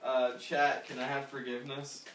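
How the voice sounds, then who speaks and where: A man's voice: medium pitch, little pitch movement, moderate pace, fairly bright tone. A man at a tabletop game night, flustered and stammering while he defends himself in casual banter. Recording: roomy, from far off, crowd noise.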